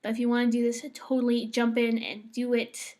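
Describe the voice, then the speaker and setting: A woman's voice: on the high side, monotone, fairly quick, a little mellow. A young woman from the United States in a casual, bubbly vlog, reading words for an accent challenge. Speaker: vlogger.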